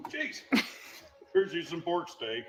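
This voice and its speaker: A man's voice: mid-range voice, expressive, a little slow, very noisy. A man filming a casual home video, cooing at his pet in doting baby talk.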